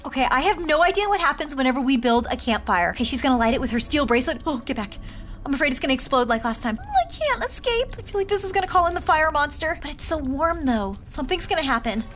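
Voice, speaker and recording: A woman hosting an excited let's-play, reacting dramatically with squeals and gasps. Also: sits high, quick pace. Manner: dramatic, squealing and gasping at scares. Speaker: gaming video host. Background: game music.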